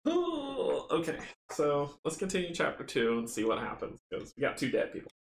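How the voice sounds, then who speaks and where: A chatty, excitable man runs a board game session, counting rolls aloud and reading out story text. His pitch sits in a middle range. The room sounds echoey, with a faint hiss in the background. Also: fairly quick. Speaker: tabletop game runner and player. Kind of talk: casual board game playthrough. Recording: roomy echo, faint noise.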